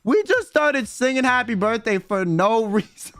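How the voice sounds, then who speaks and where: A young man streaming, telling a funny story in casual chat, excitable and swearing a lot as he acts out what people said. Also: extremely high pitch, smooth, faint music behind. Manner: excitable, swears a lot, quick quoted voices.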